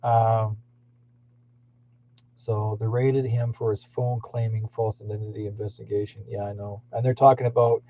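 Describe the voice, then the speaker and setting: Speaking at normal speed in a fairly low, dark, level voice, a psychic host meanders through his live stream with many fillers and restarts. The lo-fi stream audio is dull, with a little hiss or hum.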